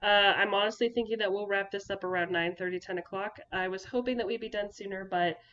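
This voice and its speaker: A woman narrating as game master of a tabletop game in a relaxed, accommodating way. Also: medium pitch, fast, lo-fi sound.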